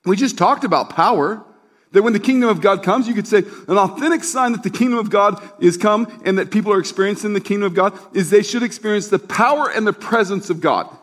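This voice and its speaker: A man's voice: high voice, quick pace, fairly bright tone. A middle-aged man preaching a sermon as a pastor, telling stories in a conversational way and asking the congregation for responses. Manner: conversational storytelling with asides; asks the crowd for responses.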